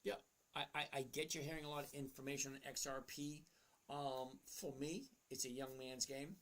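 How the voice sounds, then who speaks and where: A man in his sixties hosts a casual livestream, reading viewer questions aloud. He answers bluntly and chattily in a plain, middle-pitched voice. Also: fairly even intonation, moderate pace, a bit bright. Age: 60s. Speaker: host.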